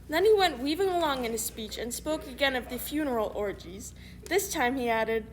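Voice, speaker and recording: A woman reading a classic story aloud for English learners, in slow, even scripted narration. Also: high-pitched, a little hiss or hum.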